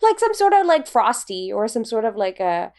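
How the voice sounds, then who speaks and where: Giggly, rambling woman with a higher voice. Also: big pitch swings, moderate pace, a little mellow. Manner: giggly, rambling, filler-heavy. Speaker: podcast co-host. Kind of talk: casual chat.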